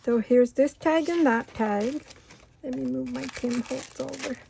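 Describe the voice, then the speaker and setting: A middle-aged woman hosting a crafting video, chatting unhurriedly and rambling through a story while she works, sometimes going soft and near-whispery. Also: high voice, measured pace, creaky, slight background noise. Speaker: craft channel host. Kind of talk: casual crafting tutorial chat.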